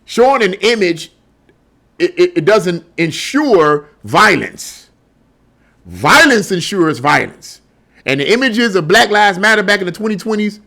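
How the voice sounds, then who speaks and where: A middle-aged man with a somewhat high voice delivers a solo opinion commentary. He talks bluntly and heatedly, stumbling over repeated words when he gets worked up. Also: fairly bright tone. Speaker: political commentary host.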